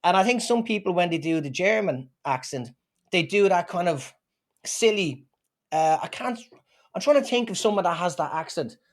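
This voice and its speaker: A man with an Irish accent, a comedian being interviewed, telling stories in a lively, joking way. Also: high-pitched, moderate pace. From Ireland. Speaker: guest comedian. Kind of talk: casual chat.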